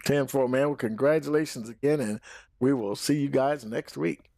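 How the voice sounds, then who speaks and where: A man hosting a broadcast and interviewing drivers after a race, with a folksy, drawn-out way of talking. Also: medium pitch, vocal fry, darkish tone, no room sound.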